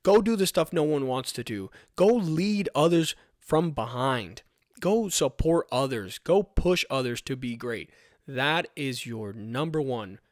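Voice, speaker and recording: A man's voice: medium pitch, animated, a little slow, no echo, studio quality. A young man hosting a podcast about his fire recruit training, giving an earnest, emphatic motivational talk that repeats rallying commands.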